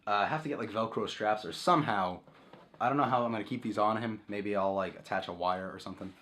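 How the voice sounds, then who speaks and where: A man's voice: fairly low pitch, fast talker, a bit bright, a little hiss or hum. A young man vlogging casually at home, rambling and sidetracking, swearing often and acting out sound effects.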